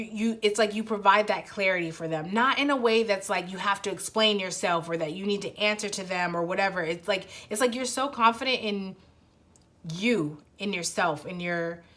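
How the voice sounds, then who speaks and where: A woman's voice: medium pitch, fairly bright tone. A young adult woman giving a casual pick-a-card tarot reading, talking to the viewer in a rambling way full of restarts and fillers. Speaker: tarot reader.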